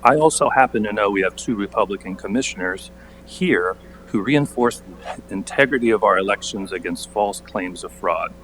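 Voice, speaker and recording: A man with a very low voice reads a prepared statement at a council meeting. He stays pointed and sarcastic and leans hard on his key words. A faint hum runs under the recording. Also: animated, normal speed, poor audio. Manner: pointed, sarcastic, building to forceful emphasis. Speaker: borough council member.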